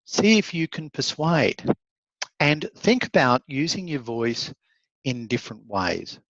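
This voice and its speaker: A man's voice: mid-range voice, sing-song, a little slow, fairly bright tone, dry recording, lo-fi sound. A man giving an online law lecture, encouraging and conversational, reading out students' comments. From Australia. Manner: encouraging, conversational, laughs often.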